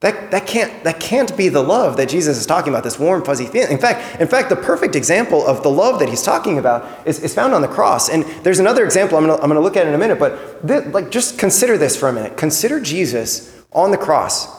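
A man's voice: on the high side, very animated, fast, few pauses. Earnest male preacher in an echoey church. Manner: earnest, conversational, repeats words when restarting. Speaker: priest. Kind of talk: Sunday homily. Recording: echoey church with long reverb.

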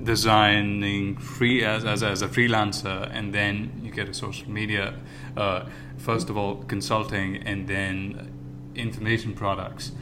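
A man's voice: fairly low pitch, level tone, measured pace, noisy background. A man hosting an interview, asking long, rambling questions full of restarts and fillers. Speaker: podcast host.

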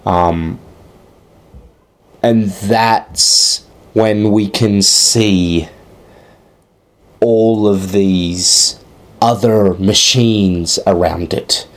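Slow, hesitant man narrating a game scene. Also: fairly low pitch, steady tone. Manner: hesitant, thinking aloud with many fillers. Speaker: tabletop game player.

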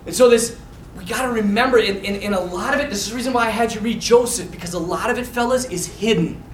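A man giving a casual, animated Bible teaching to a class, talking loosely with fillers and restarts. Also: high voice, fast talker, roomy sound, distant mic, slight background noise, rough recording. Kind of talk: casual teaching talk to a mixed group.

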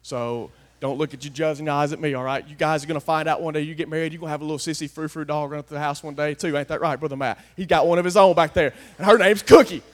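A man delivers a sermon in a notably high voice. He talks folksy and plain, dropping to quiet confiding asides and then rising to loud, emphatic declarations. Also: fairly even intonation, fast talker, hardly any pauses. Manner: folksy, swings from hushed to shouting. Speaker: pastor.

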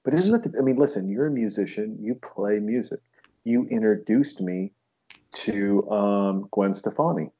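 A man with a low, dark, husky voice rambles through a casual podcast chat. The audio is dull and lo-fi. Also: expressive, moderate pace. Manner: rambling, slips into put-on voices.

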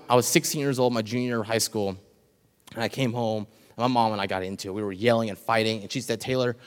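Young male speaker, early twenties, sincere testimony, reverberant church hall. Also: medium pitch. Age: young adult. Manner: earnest and emotional, pausing with ums. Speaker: summer church intern giving a testimony. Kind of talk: personal testimony to a congregation. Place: church sanctuary.

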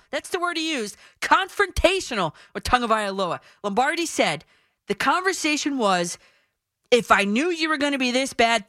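A woman's voice: a little high, pushed and bright, no echo. A woman hosting a sports radio show, giving her opinions in a punchy, emphatic way into a studio microphone.

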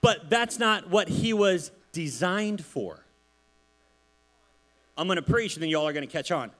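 A man, a pastor, giving a casual sermon in church, chatty and animated, telling stories with many asides. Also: sits high, measured pace.

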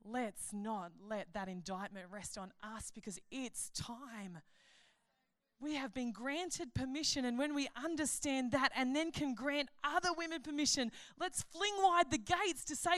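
A woman delivers a conference sermon in a high, bright voice. She talks in a chatty, animated way and jokes at her own expense. The sound is close and dry. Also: normal speed, no room sound. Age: adult. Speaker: conference speaker, pastor.

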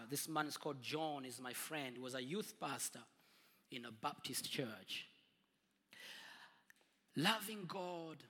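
A man preaching a storytelling sermon, dramatic and husky, swinging from booming to hushed. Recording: long reverb of a large hall.

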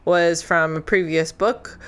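A woman's voice: fairly low pitch, fairly even intonation, slow pace, smooth. A woman co-hosting a podcast, chatting casually about books in a wry, exasperated way. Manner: wry, exasperated, acts out characters. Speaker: podcast co-host. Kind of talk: casual book discussion.

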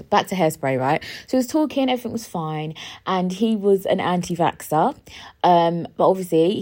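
A young woman hosting a podcast, telling a story in a chatty, expressive way, swearing freely and repeating herself for emphasis. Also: sits low. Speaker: podcast host. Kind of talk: casual storytelling monologue.

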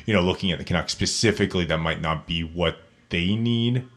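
A man's voice: low voice, brisk, fairly bright tone. A man on a podcast giving casual, rambling hockey prospect analysis with plenty of ums. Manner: rambling, filler-heavy analysis.

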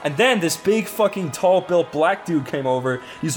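Young man, higher voice, rambling storyteller who swears freely and acts out the quotes, light music underneath. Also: animated, moderate pace. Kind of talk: casual storytelling chat.

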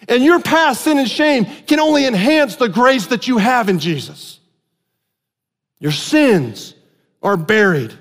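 High-voiced preacher in an echoing hall. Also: male voice. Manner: swings from hushed low asides to emphatic raised preaching. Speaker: pastor. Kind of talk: sermon. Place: church sanctuary. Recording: long reverb in a large hall.

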